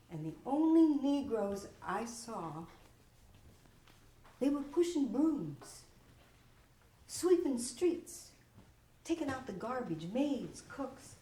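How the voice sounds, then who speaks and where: A woman's voice: on the high side, recorded from a distance, a little hiss or hum. A woman with a Southern US accent performing a self-mocking solo theater monologue, recorded live in a roomy small theater. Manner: animated, self-mocking storytelling.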